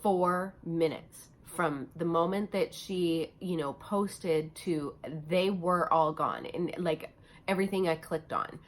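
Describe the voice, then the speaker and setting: A woman's voice: fairly low pitch, slow. A woman craft vlogger chatting casually at home, gushing and chatty with lots of fillers. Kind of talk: casual show-and-tell chat.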